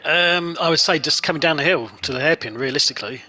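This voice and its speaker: A man's voice: a little high, quick pace, bright, forceful tone. A man from North Kent, co-commentating a race with dry, teasing banter. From North Kent, England. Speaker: league host and co-commentator. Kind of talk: casual live race commentary.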